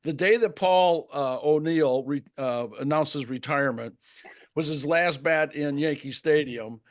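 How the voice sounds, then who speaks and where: A man who once umpired ball games, spinning yarns in easy conversation. His voice sits a bit high for a man, and he throws himself into the people he quotes, swinging his pitch up and down. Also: unhurried. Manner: animated, acts out quotes with big pitch jumps. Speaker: retired baseball umpire. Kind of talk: casual storytelling chat.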